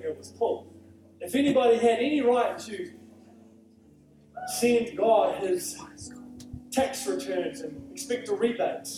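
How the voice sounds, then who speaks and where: A male pastor preaching a sermon, telling a personal story in an animated, emphatic way. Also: high-pitched. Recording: echoey, distant live church recording with music.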